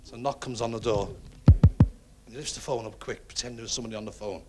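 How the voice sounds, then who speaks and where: A man's voice: medium pitch, steady tone, fast, dark tone, a little hiss or hum. A man telling stand-up jokes on a club stage in a chatty way, laughing at his own punchlines and acting out the characters. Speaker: stand-up comedian. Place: television comedy club stage.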